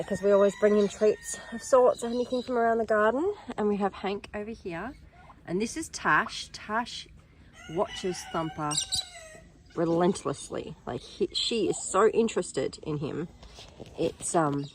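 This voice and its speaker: A woman's voice: medium pitch, darkish tone, a little hiss or hum. A woman giving a casual vlog tour of a farm sanctuary, chatting to the camera and cooing baby talk at the animals as she films on her phone outdoors. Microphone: handheld phone while filming. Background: chickens, roosters and turkeys.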